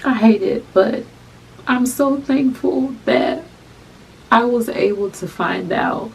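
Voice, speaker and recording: A young adult woman telling a personal story to camera, soft-spoken and halting, often repeating her phrases. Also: a little high, vocal fry, slight background noise, rough recording. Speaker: vlogger.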